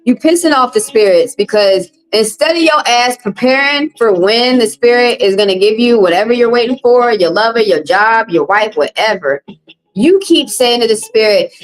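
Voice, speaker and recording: A woman's voice: a little high, expressive, normal speed, rough recording. A woman reading tarot live for viewers, talking bluntly and profanely, teasing callers and laughing often. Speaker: tarot reader on a live stream. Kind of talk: casual live-stream chat.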